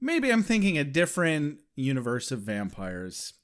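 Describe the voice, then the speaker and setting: Lively, fairly high-voiced man co-hosting. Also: normal speed. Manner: animated, acts out quoted lines. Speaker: podcast co-host. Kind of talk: casual chat.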